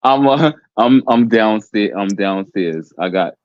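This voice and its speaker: A man's voice: lively intonation, a little slow, a little mellow, no echo. A man with a New York accent, talking in a brash, profane, theatrical way during a casual online chat over Bluetooth headphones. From New York City. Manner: brash, profane and theatrical, with high cackling laughs. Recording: muffled headset audio.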